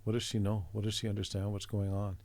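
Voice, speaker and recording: A middle-aged man from Canada, an artist guest telling a story in a chatty, relaxed way, acting out the voices of the people in it. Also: on the low side, quick pace. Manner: chatty, acts out quoted voices, chuckles often.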